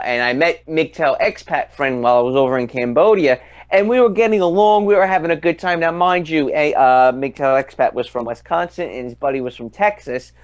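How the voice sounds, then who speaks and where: A man from the United States, co-hosting a casual podcast chat and telling stories in an animated way over a remote call. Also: medium pitch, muffled recording. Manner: animated storyteller acting out quotes. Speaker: co-host.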